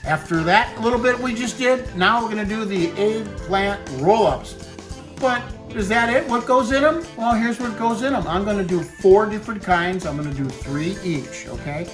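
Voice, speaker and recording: A man's voice: high voice, moderate pace, over music. A man hosting a cooking show, chatting casually to the viewer as he demonstrates a recipe and drops in Italian food words.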